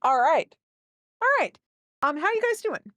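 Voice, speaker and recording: A woman's voice: high voice, sing-song, moderate pace, a bit bright, no room sound. A young woman chatting casually with her viewers during a live gameplay stream, rambling and upbeat. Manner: chatty and rambling, talking to chat.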